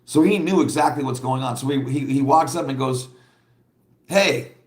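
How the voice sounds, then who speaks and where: A man talks casually to his livestream viewers, rambling and blunt, often breaking into laughter as he reads their comments. His voice sits at an ordinary middle pitch. The sound carries a roomy echo. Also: fast, darkish tone. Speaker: livestream host.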